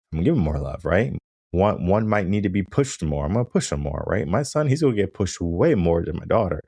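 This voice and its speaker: A man with a very low voice lectures firmly, hammering each point and checking in with the listener as he goes. The recording is dry, close and free of room sound. He sounds middle-aged and is clearly the show's regular host. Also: mellow, dry recording. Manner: emphatic, punctuates with "right?", mimics objections. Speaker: podcast host, mindset coach. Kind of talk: monologue coaching talk.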